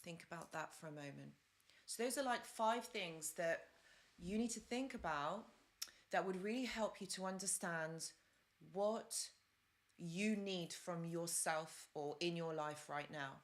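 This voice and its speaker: A woman's voice: on the low side, measured pace. A woman hosting a live-stream advice talk, chatty and rambling, with fillers and side stories. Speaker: host.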